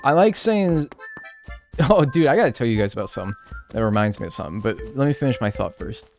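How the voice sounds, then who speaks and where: A man streaming a video game, talking loosely and joking as he plays. His voice swings up and down with lively energy, and faint game music runs underneath. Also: medium pitch, fast. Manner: rambling, animated and joking. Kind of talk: casual live-stream gaming chat.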